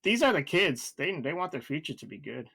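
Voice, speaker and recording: A man's voice: a little high, very animated, fairly quick, vocal fry, sharp tone, breathy edge. A man in a casual podcast chat, tossing in teasing side comments. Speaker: podcast co-host.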